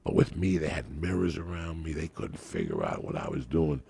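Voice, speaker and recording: A man telling crude, profane comic stories on a podcast in a rambling, raucous way, with a gravelly, raspy voice. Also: extremely low pitch, big pitch swings, moderate pace, noisy background. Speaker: podcast guest.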